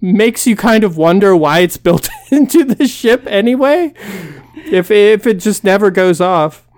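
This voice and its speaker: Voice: mid-range voice, animated, unhurried, a little mellow. A podcast co-host sharing casual opinions, hedging with fillers and laughing as they talk. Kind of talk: casual commentary chat.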